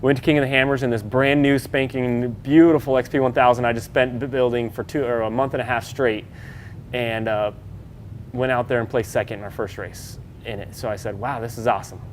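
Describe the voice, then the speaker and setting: Man, casual storyteller, mid-pitched voice, chatty, light background noise. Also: steady tone, fairly quick. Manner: loose and chatty, many fillers, acts out quoted dialogue. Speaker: off-road racer telling his story.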